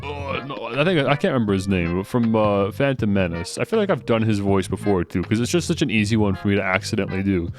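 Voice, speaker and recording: A man's voice: lowish voice, expressive, fast, hardly any pauses, soft background music. A man giving casual, chatty commentary while playing a video game. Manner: chatty, self-deprecating. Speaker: game streamer.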